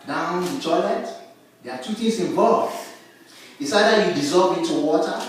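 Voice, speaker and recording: A man telling a long stand-up joke on a comedy club stage, with a slow, deliberate, repetitive build-up. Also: high-pitched, recorded from a distance. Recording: echoey room heard from afar.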